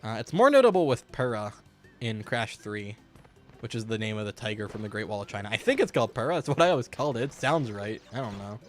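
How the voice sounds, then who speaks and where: A man's voice: on the low side, very animated, fast, faint music behind. A man giving casual, rambling commentary while streaming a game, joking and swearing freely, in a hot room at home.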